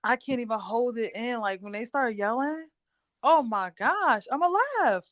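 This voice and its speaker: A woman in her thirties co-hosting a podcast, a relaxed storyteller who laughs easily. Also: a little high, normal speed, no room sound, studio quality. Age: 30s. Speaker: podcast co-host. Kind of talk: casual chat and storytelling.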